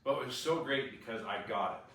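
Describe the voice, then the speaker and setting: A man sharing a personal testimony, animated and restless, full of fillers and restarts. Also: mid-range voice, brisk. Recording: echoey room, far from the mic, faint noise.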